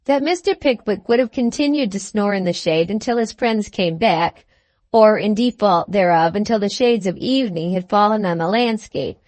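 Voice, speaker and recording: A woman reading an audiobook as narrator, measured and expressive. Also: mid-range voice, no echo. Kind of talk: scripted narration.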